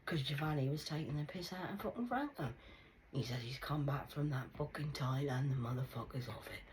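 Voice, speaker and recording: A woman's voice: sits low, fairly quick, darkish tone, slight background noise. A middle-aged woman telling rambling personal stories in casual chat, swearing freely, laughing often and dropping into whispered asides. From United Kingdom. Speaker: vlogger.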